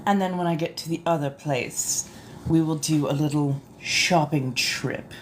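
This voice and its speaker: A woman streamer chatting live in a put-on old colonial accent that mixes English, Scottish and Irish tones. She speaks in a genteel, theatrical way and answers her chat with drawn-out exclamations. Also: sits low, a little hiss or hum. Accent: put-on old colonial mix of English, Scottish and Irish. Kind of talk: casual live chat in a vampire persona.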